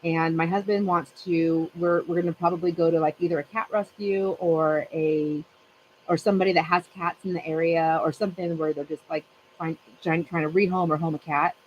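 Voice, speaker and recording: A woman's voice: low voice, steady tone, normal speed, dull audio, slight background noise. A middle-aged woman hosting a casual chat with friends, telling a rambling story and laughing often. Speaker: channel host.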